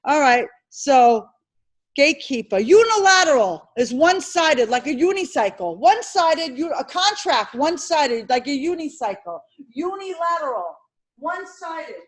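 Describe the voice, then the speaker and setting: A woman teaching an insurance licensing class, drilling terms over and over and firing questions at her students. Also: high-pitched. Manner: animated, repetitive drilling with quick questions to students. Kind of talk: classroom exam-prep lecture.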